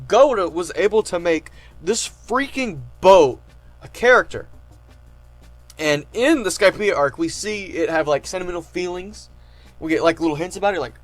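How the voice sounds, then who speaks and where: A man talks through his favorite story arc in a loose, rambling way, padding every thought with fillers. His voice sits a little high for a man, and he gushes like an eager fan. Faint music plays quietly underneath. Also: dry recording. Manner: excitable fan gushing. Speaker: anime reviewer. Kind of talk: casual retrospective chat.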